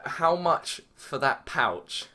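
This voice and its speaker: A young man putting on the voice of a pushy young male street tough, speaking slowly in street slang. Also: mid-range voice, very animated, pushed and bright.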